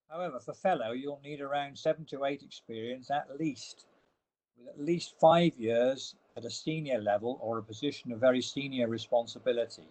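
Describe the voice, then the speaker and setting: A man with a medium-pitched voice presents slides in an online webinar, explaining each point in turn at a steady, methodical pace and leaning on the words he wants to stress. The webinar audio is poor.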